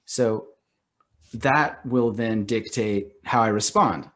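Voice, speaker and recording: A middle-aged man talking as a podcast guest in casual conversation, animated and loose, leaning on "like" and acting out little quoted reactions. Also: fairly low pitch, slow pace. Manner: animated, acts out quoted reactions, heavy use of "like".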